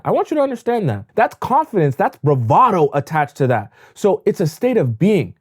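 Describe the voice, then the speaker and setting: A man's voice: fairly high pitch, big pitch swings, brisk, few pauses, a little mellow. A man giving dating advice in an emphatic coaching monologue, repeating words for stress.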